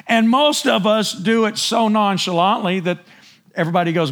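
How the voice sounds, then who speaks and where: A man preaching a sermon in a conversational way, often asking his listeners for agreement and clearing his throat. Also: high-pitched, expressive, fairly quick, fairly bright tone. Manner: conversational, asks the congregation for agreement. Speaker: pastor.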